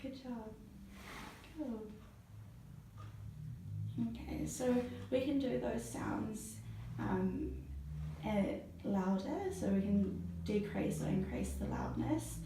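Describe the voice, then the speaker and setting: A woman's voice: medium pitch, slow, long pauses, noisy background. A woman acting as a voice therapist, taking a client through breathing and voice exercises step by step and praising each try. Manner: encouraging, praises often. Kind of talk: step-by-step instruction. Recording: echoey room, mic at a distance.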